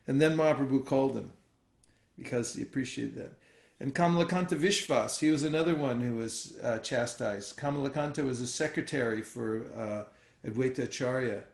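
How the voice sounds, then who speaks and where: A man teaching scripture in an echoey room. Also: medium pitch. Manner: relaxed and conversational, with frequent fillers and restarts. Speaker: spiritual teacher leading a scripture class. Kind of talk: informal scripture class with storytelling. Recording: roomy echoey sound.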